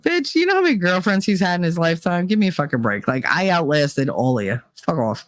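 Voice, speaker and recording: A woman's voice: fairly low pitch, big pitch swings, fairly quick, few pauses, no echo. A middle-aged woman hosting a casual chat stream, telling candid, profane stories and acting out the people in them. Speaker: livestream host.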